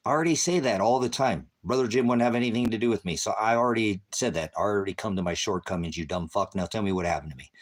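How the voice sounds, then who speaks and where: Deep-voiced man ranting and cursing. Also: quick pace. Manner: heavy cursing, insulting and berating; confrontational, talks to a commenter. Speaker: online preacher. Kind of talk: angry livestream rant.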